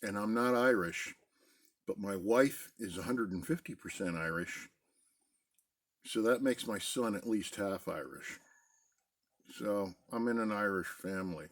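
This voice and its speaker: A middle-aged man chatting casually in a relaxed, rambling way from a basement den at home. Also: on the low side, unhurried, pauses often. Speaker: pipe-smoking video host. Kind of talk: casual pipe-smoking chat.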